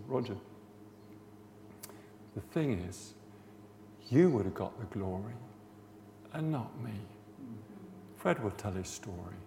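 A man preaches in a loose, chatty way, his gravelly voice swooping up and down as he presses his points with fervour. The sound carries a long hall reverb with a faint hiss behind it. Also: mid-range voice, darkish tone. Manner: chatty storytelling, rising to fervent emphasis. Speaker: preacher teaching on healing prayer. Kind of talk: informal sermon talk.

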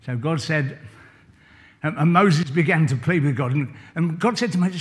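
A man's voice: on the high side, normal speed. An older man preaching an informal sermon, telling a Bible story in a chatty way and asking the congregation questions. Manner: chatty, asks the congregation questions, varies loudness a lot. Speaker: church leader.

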